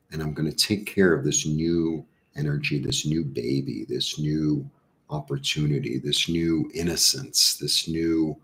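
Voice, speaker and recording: Very low-voiced chatty man reading tarot. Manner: chatty, rambling, animated asides. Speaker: tarot reader. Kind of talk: casual live tarot stream.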